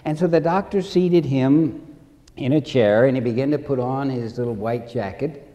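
A man preaching a sermon with slow, deliberate delivery, repeating key phrases and acting out stories. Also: medium pitch, mellow, big-room sound.

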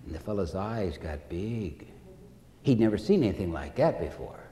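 A man preaching a sermon with slow, deliberate delivery, repeating key phrases and acting out stories. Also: deep voice, big pitch swings, dark tone, big-room sound.

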